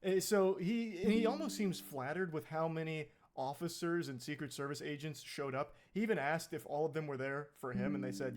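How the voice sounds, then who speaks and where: A man's voice: on the high side, brisk, hardly any pauses. Blunt, profane male video narrator. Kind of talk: commentary narration over footage.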